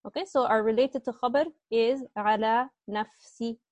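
A woman's voice: fairly high pitch, fairly even intonation, a little fast, a little mellow, no room sound. Woman teaching an online Arabic grammar class. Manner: patient, explains step by step, asks students questions. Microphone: earbuds.

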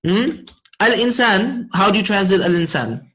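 A man teaching a class, explaining slowly and checking in with his students often. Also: high voice, animated, bright, forceful tone, low-quality recording. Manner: slow, deliberate explaining. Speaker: Arabic grammar teacher.

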